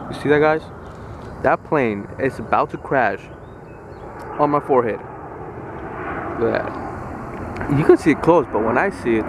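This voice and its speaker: A young man casually vlogging outdoors by the water in light rain, talking excitedly and slangily straight to his viewers on a handheld phone. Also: mid-range voice, moderate pace, long pauses. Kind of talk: casual outdoor vlog chat. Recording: outdoor phone audio with street noise.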